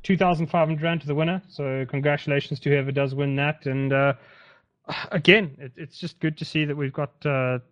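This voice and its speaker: Halting male podcast co-host, lo-fi. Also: fairly high pitch, fairly even intonation, a bit bright. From South Africa. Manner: halting, many fillers and restarts, teasing. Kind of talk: casual podcast chat.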